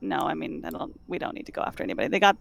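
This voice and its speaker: A woman's voice: low-pitched, animated, very fast, gravelly, a little hiss or hum. A woman playing a tabletop game, describing her character's actions in a rambling way. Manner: rambling, laughing. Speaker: player. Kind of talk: casual tabletop play.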